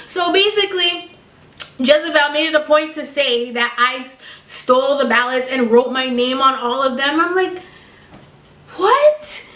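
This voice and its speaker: A young woman telling a story in a casual vlog, animated, sassy and full of swearing. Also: sits high, moderate pace, reverberant, recorded from a distance. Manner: animated, profane, sassy and dramatic. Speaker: vlogger.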